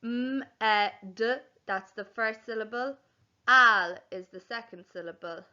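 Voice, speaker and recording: A woman teaching young children a home learning lesson, speaking clearly in a sing-song teacher voice and spelling words out slowly. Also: medium pitch, pushed and bright, highs cut off. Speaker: primary school teacher.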